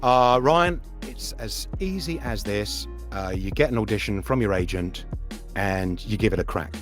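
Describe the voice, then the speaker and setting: A man's voice: on the low side, unhurried, soft background music. A middle-aged man from England, a voice actor chatting in an interview, full of restarts and sliding into accents as he talks. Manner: animated storyteller, slips into accents and impressions, hesitant restarts. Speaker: voice actor guest. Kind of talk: casual interview chat.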